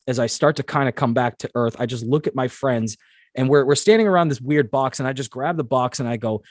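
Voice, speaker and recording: A man hosting a casual interview, telling stories in an animated way, acting out quotes and swearing freely. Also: mid-range voice, fairly quick, no room sound, studio quality. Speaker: host.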